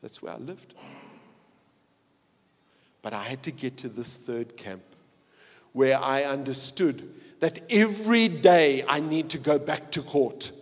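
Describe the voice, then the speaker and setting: A man preaching a sermon, telling a story dramatically and swinging between hushed passages and loud ones. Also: high-pitched, a little slow. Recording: long reverb of a large hall.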